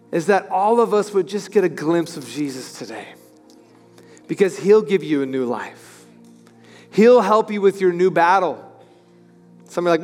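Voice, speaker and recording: High-voiced pastor preaching in a hall. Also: male voice. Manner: animated preaching, swinging from loud to hushed. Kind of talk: sermon. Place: church sanctuary. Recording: echoey hall with music.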